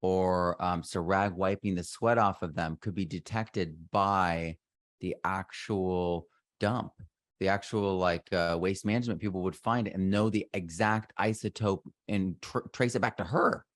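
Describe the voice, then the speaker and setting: Middle-aged male guest, low register, rambling and self-interrupting, dry booth sound. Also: fairly even intonation, measured pace, no room sound. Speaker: podcast guest. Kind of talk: casual interview conversation.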